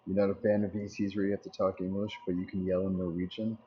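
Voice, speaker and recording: A man's voice: low-pitched, flat delivery, fast talker. A man chatting casually on a live stream, rambling in a laid-back way as he answers viewer messages aloud. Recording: dull lo-fi stream audio, faint noise.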